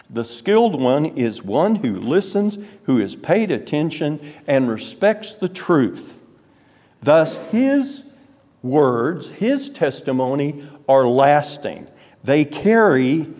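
A man preaching an expository sermon, slow and deliberate, rising to fervent emphasis. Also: medium pitch. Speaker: pastor. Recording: reverberant hall, dull lo-fi sound.

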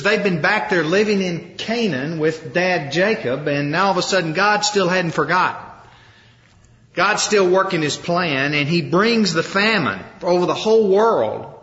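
A man preaching a sermon, retelling a story with lively acted-out quotes. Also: high-pitched. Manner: animated storytelling, acting out quoted lines. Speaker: pastor. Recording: roomy hall, dull lo-fi sound.

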